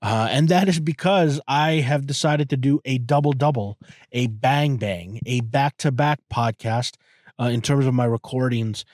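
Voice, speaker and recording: A man's voice: mid-range voice, unhurried, a little mellow, no echo, studio quality. A man hosting his own podcast, talking casually and rambling, often repeating words and swearing as he goes. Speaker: podcast host. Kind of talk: casual solo podcast talk. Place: inside a parked car.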